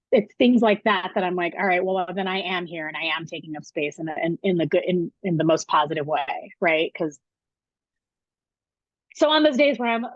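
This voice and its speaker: In a dull, dry recording with no room sound, a young film school professor gives a candid, animated interview. She has a fairly low voice and swears casually as she talks.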